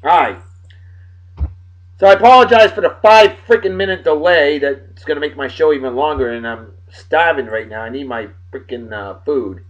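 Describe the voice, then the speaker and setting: A man hosting a daily beer and song show in a rowdy, casual way, loud and excitable, swearing and joking, swinging from shouting to muttering. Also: a little high, normal speed, highs cut off.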